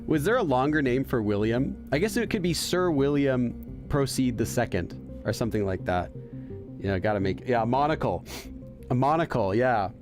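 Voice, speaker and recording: A man's voice: mid-range voice, animated, normal speed, music in the background. A man hosting a let's play, reading game text aloud and translating it line by line as he thinks aloud. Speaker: host of a game channel for Korean learners.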